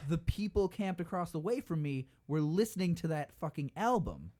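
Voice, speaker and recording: A man's voice: a little high, normal speed. A man co-hosting a comedy podcast, chatting casually with lots of swearing and laughter. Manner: swearing, laughing, lively banter. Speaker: podcast co-host.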